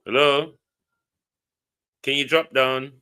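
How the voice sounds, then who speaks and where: Speaking slowly in a steady, medium-pitched voice that sounds pushed, bright and smooth, a Jamaican-accented man runs a relaxed live stream. He calls out viewers' names, reads a contact number aloud and chats loosely into a phone or computer mic.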